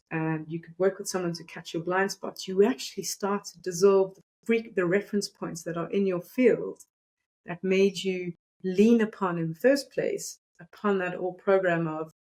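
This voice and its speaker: A woman's voice: on the low side, darkish tone, low-quality recording. A woman energy coach explaining breathing and compassion techniques in a guided, instructive way. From South Africa. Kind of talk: teaching interview talk.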